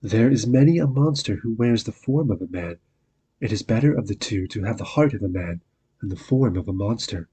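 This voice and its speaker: A man voicing a kind, truthful young woman, speaking earnestly in a raised, husky voice. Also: fairly low pitch, animated, fairly quick, warm tone. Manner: earnest, firm.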